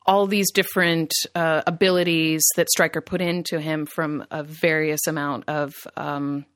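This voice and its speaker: A woman's voice: sits low, level tone, normal speed, clean tone, dry recording. Matter-of-fact woman, dry close sound. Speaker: podcast co-host. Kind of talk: casual chat.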